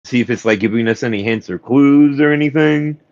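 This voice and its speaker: A man's voice: mid-range voice, brisk, darkish tone. A man playing a tabletop game, chatting casually about his character's stats. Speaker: player. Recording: muffled lo-fi mic.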